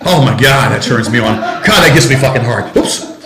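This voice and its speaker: A man's voice: mid-range voice, moderate pace, echoey room, a crowd in the background. An older man hosting a bawdy comedy talk show, rambling and chuckling with crude jokes. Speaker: host.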